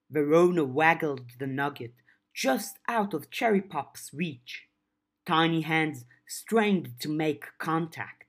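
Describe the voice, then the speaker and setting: A woman narrating a fan-made audiobook chapter in a measured, expressive way. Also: low voice. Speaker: audiobook reader.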